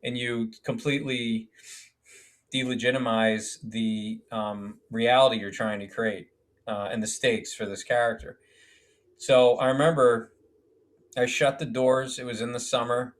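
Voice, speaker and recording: A man's voice: medium pitch, level tone, measured pace. A man, a filmmaker guest on a podcast, telling stories animatedly, acting out quotes and swearing casually. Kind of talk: podcast storytelling.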